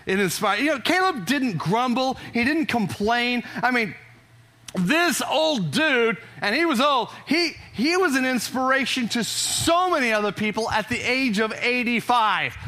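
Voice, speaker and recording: A man's voice: very high voice, expressive, a little slow, sharp tone. A man preaching a sermon to his congregation in an emphatic, conversational way, often restarting his phrases. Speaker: pastor. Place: church service before a congregation.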